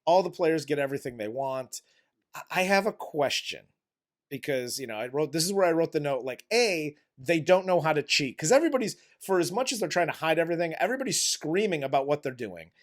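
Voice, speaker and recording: A man talks movies in an animated, profane way. He acts out bits of scenes. His voice sits a touch high and swings through a lively range of pitch. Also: a little fast. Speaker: movie review podcast co-host. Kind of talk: casual chat.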